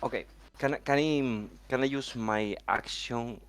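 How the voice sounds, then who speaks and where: A man playing in an online tabletop game, talking hesitantly with many pauses and restarts. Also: medium pitch, smooth, soft background music. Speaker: player. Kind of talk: casual tabletop play.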